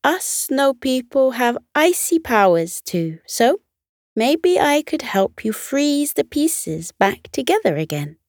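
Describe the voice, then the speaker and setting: A woman voicing a cheerful, kind snow woman in a high-pitched voice, in a bedtime story. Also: big pitch swings, takes it slowly, a little mellow, no room sound, clean studio sound, heavily acted.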